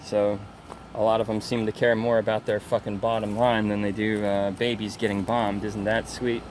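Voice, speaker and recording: A man's voice: lowish voice, little pitch movement, moderate pace, a little hiss or hum. Angry profane man ranting. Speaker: commentator. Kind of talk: casual rant.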